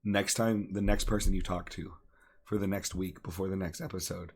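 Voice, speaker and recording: Earnest low-voiced man giving advice. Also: fairly even intonation, moderate pace, slightly rough. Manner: earnest, encouraging, repeats phrases for emphasis. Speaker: podcast co-host. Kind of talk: earnest casual talk.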